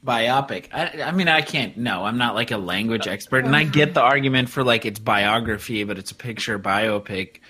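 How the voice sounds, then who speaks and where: A man from Minnesota co-hosting a podcast, laid-back and quick to laugh in casual chat. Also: medium pitch, sharp tone, breathy edge. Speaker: podcast co-host.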